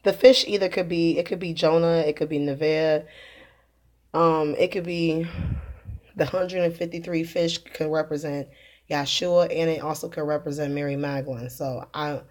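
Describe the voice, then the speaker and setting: A woman talks to her channel's viewers in a loose, rambling testimony. She laughs often and fills her pauses with ums. Her voice sits slightly low for a woman. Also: fairly even intonation, a little mellow. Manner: rambling, earnest, laughs often, many fillers. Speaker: religious video host. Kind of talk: casual spoken testimony to camera.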